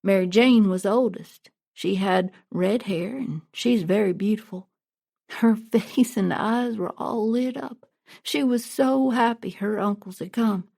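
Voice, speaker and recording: Gravelly, mellow woman narrating a storybook. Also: mid-range voice, measured pace. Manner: plain, steady storytelling. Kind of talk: audiobook narration.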